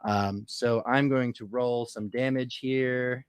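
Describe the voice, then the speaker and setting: A relaxed man runs a tabletop game as game master, joking and filling pauses as he goes. His voice sits at a medium pitch. The sound is dry and close. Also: clean tone, no room sound. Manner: loose and joking, many fillers. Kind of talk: running a tabletop game, casual.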